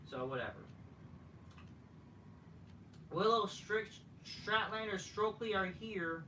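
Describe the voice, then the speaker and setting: This man reviewing a wrestling show has a high, animated voice that's pushed and bright, though he takes it slowly. His solo rant is casual, profane, sarcastic and dismissive, recorded on a slightly distant mic with faint hiss.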